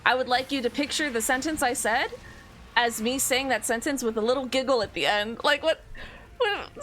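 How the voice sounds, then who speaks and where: A woman's voice: high-pitched, normal speed, a bit bright, a little hiss or hum. A young woman streamer chatting casually while gaming, rambling and self-interrupting with lots of "like".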